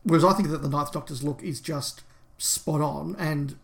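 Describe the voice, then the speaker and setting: A man's voice: a little high, moderate pace, vocal fry. A man co-hosting a fan podcast, talking enthusiastically and in detail in casual discussion. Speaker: podcast co-host.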